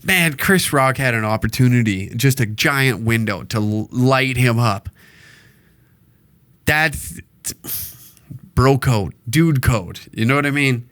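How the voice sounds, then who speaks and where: A man's voice: medium pitch, lively intonation, takes it slowly, long pauses, fairly bright tone, no room sound. A man hosting a solo podcast, ranting in a blunt, profane, rambling and jokey way. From Canada. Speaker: podcast host. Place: alone in a small recording room.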